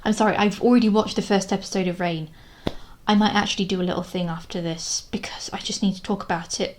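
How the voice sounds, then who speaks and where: A woman's voice: medium pitch, quick pace. A young woman giving a casual vlog commentary, talking frankly and rambling with many restarts, sounding exasperated. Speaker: video creator reviewing a historical drama.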